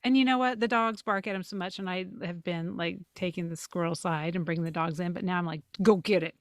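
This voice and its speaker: A woman's voice: fairly low pitch, steady tone, fast talker, clear, resonant tone, no echo. A woman co-hosting a podcast in casual chat, laughing often and correcting herself as she goes. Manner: chatty, laughing, self-correcting. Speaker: podcast co-host.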